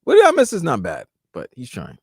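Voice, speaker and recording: A male sports radio co-host bantering with jokes and teasing. His pitch jumps around a lot, and the recording is dry and close. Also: huge pitch swings, fairly quick, darkish tone, husky, no echo.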